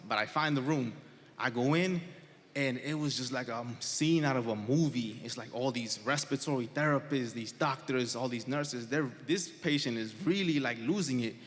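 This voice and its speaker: A man in his twenties telling a true story live on stage to an audience, conversational and animated, laughing between lines. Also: medium pitch. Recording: live stage recording with long hall reverb.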